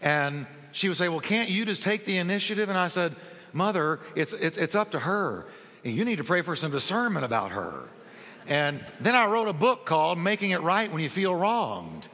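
A male pastor delivers a storytelling sermon, voicing each person in his story as he goes. His voice is bright and a little high for a man. It rings with the long reverb of a large church. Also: very animated, moderate pace. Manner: storytelling, acts out quoted dialogue.

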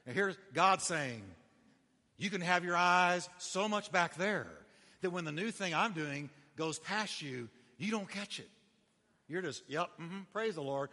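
Male pastor, sermon delivery, emphatic with shouted peaks; higher, piercing voice; reverberant hall.

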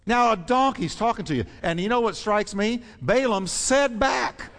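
A man preaches with great animation and lets his fairly high voice swing wide between loud bursts and hushed, earnest passages. His words ring out with a long reverb in a large church hall. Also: lively intonation, unhurried, slight background noise. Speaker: pastor. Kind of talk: sermon.

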